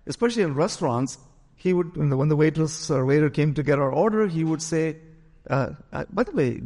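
Pastor guy telling a story in his sermon, does the voices of people, kinda high voice, big hall echo. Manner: animated storyteller acting out quoted voices.

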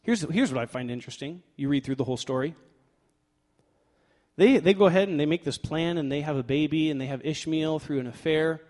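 A male pastor preaching a sermon in a conversational way, swinging from loud emphatic bursts to quiet asides and joking with himself. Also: a little high, a little fast. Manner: conversational with fillers like "like" and playful self-talk. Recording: long reverb of a large hall.

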